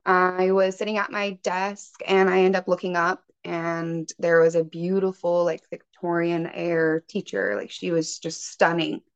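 A woman's voice: fairly low pitch, flat delivery, a little slow, hardly any pauses, clear, resonant tone. A woman guest on a podcast, a spiritual healer, telling her own story in a chatty way with many "like"s and "um"s. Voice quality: chatty, lots of "like" and "um". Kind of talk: casual personal storytelling. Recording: muffled lo-fi podcast audio.

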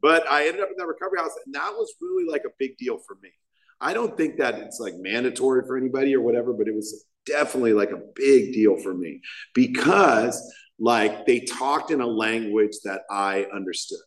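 A man's voice: mid-range voice, expressive, brisk. Man, thirties, casual rambling storyteller, self-deprecating humor, speaking at a podium mic. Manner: rambling, self-mocking storytelling with many fillers. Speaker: recovery meeting speaker. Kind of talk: personal story at a recovery meeting. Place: meeting hall. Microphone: podium microphone.

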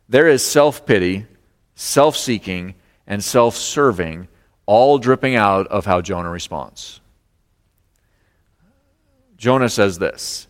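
Pastor preaching in a reverberant hall. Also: male voice, mid-range voice, measured pace. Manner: expressive preaching, acts out voices of God and Jonah. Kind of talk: sermon.

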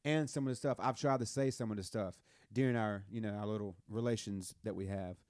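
A man's voice: on the low side, brisk, a little mellow, dry recording, studio quality. A man chatting casually with friends, joking crudely and laughing often. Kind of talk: casual chat.

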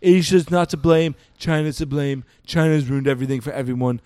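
A man's voice: fairly high pitch, fairly even intonation, fairly quick, darkish tone, smooth, dry recording. A man co-hosting a film podcast, ranting casually with lots of swearing and jokes. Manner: profane, ranting, jokey. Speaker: podcast co-host.

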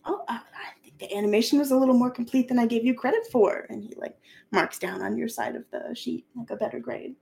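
A woman's voice: fairly high pitch, brisk, creaky, a little mellow. Playful woman narrating a tabletop game. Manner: playful, descriptive, laughs often. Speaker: game master.

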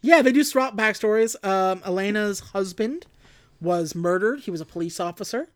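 A woman's voice: medium pitch, expressive, moderate pace. A woman co-hosting a casual podcast, recapping a movie and acting out its lines in mock voices. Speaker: podcast co-host.

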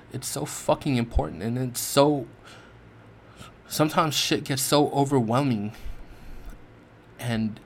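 A man speaks into his podcast mic in a voice of ordinary middle pitch, earnest and raw, stumbling over his words and swearing as he goes. A faint hiss of noise sits under his voice. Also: fairly bright tone. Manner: earnest, repetitive restarts, heavy swearing. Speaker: podcast host. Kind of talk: heartfelt personal monologue.

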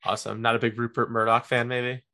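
A man's voice: mid-range voice, flat delivery, quick pace, pushed and bright. A man hosting a podcast, chatting casually and easily about basketball and football picks. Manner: easygoing, chatty fan talk. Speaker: podcast host. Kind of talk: casual sports chat.

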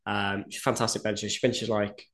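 A powerlifting coach talks at a quick clip in a fairly low voice. He tells stories animatedly, with casual swearing, in a relaxed podcast chat. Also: a little hiss or hum.

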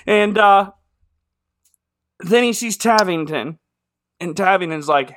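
Sarcastic man with a bright, high voice. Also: slow, pauses often. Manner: sarcastic, rambling, full of fillers and sound effects. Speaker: podcast host. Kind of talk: casual comedic movie recap.

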